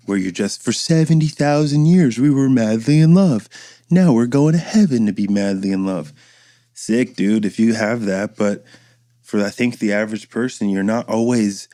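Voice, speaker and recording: A man's voice: fairly low pitch, a little mellow, dry recording, clean studio sound. A man in his thirties, a podcast host, chatting in a casual, rambling and profane way and acting out voices he quotes. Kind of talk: casual chat.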